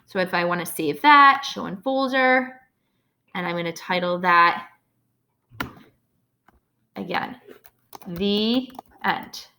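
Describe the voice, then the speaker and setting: A woman's voice: lowish voice, takes it slowly, pauses often, bright, forceful tone, slight background noise. A woman teacher explaining a computer task step by step, often checking in with "okay?". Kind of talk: screen-recorded software tutorial.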